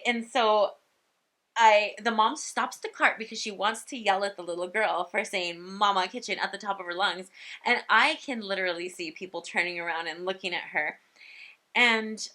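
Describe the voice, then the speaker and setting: A woman speech pathologist telling a story from her work in a casual, animated way. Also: mid-range voice, measured pace.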